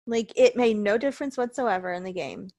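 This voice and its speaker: A woman's voice: mid-range voice, brisk, a little mellow, no room sound. A tired, ill woman co-hosting a casual wrestling podcast, ranting heatedly and swearing a lot. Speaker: podcast co-host.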